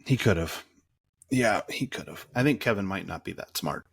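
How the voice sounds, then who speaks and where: A man's voice: low-pitched, lively intonation, moderate pace, gravelly, husky, no echo. A man co-hosting a movie podcast in casual chat, rambling and cursing, full of fillers and restarts. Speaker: podcast co-host.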